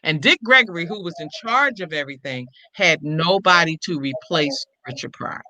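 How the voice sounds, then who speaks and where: An older woman, a comedian and impressionist, telling a story in an interview and acting out every quoted line with lively shifts in voice. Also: fairly low pitch, moderate pace, dry recording, poor audio.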